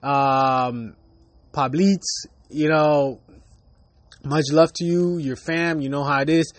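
A man in his thirties in Miami hosts his own podcast, ranting loosely in a casual monologue with lots of profanity and laughter. His voice is on the high side, steady, and slow, in a dry recording.

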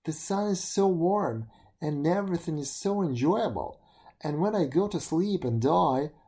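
A storyteller voicing a gentle, dreamy caterpillar who speaks wistfully and contentedly. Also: medium pitch, expressive, measured pace.

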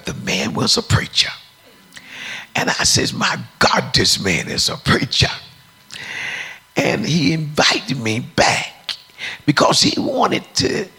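Deep-voiced woman preaching a testimony, bright edge, slow and drawn out. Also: vocal fry, slightly rough. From United States. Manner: storytelling, acts out dialogue.

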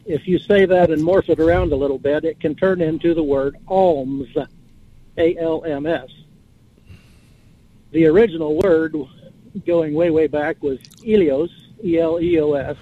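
A man's voice: a little high, slightly rough. Rambling man on a tinny phone line. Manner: rambling, musing storyteller who spells out words. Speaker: caller. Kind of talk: casual call-in chat.

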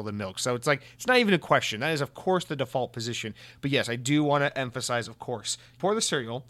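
A man's voice: medium pitch, a bit bright. A man hosting a solo podcast, reading listener comments and ranting in a sarcastic, mock-serious way. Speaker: podcast host.

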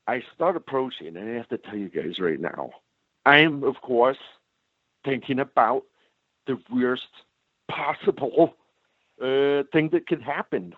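A man telling a personal story in an animated, emphatic way, often repeating phrases for effect. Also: medium pitch, no room sound. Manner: animated, emphatic, repeats "let me tell you". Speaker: storyteller guest. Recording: tinny phone-like sound.

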